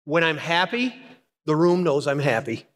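Middle-aged male pastor, high-pitched, dramatic pauses; echoing church hall. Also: very animated, a bit bright. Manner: dramatic storytelling with pauses and repetition. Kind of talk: sermon. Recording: long hall reverb.

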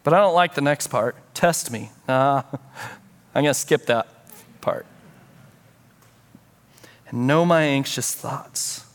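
A man's voice: medium pitch, takes it slowly, pauses often. A man pastor delivering a sermon, telling a story with earnest feeling and acting out prayers and conversations.

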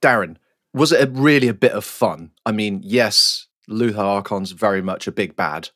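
A man co-hosting a casual podcast, playful and quick with jokes and laughter. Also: lowish voice, fairly bright tone, no room sound, studio quality. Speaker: podcast co-host. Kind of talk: casual chat.

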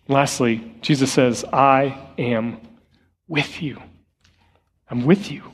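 A man's voice: mid-range voice, slow, husky. A man preaching a sermon as pastor, telling personal stories earnestly and repeating key phrases for emphasis. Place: church sanctuary. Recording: long hall reverb with faint guitar music.

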